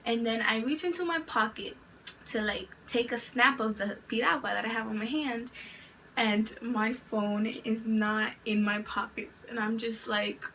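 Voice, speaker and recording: A woman's voice: a little high, measured pace, bright, forceful tone. A young adult woman vlogger telling a storytime tale in a rambling, chatty way, full of "like" fillers. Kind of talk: storytime narration. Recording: distant mic with faint background noise.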